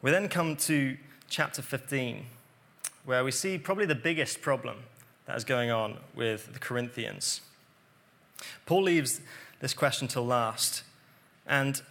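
A man preaching a sermon, explaining scripture earnestly and dropping to quiet emphasis on key points. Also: mid-range voice, gravelly.

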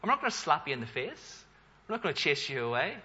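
A man's voice: on the high side, sing-song, fast talker, bright, forceful tone, slightly rough, muffled recording. A man preaching a sermon as the pastor, earnest, asking rhetorical questions and building in force for emphasis.

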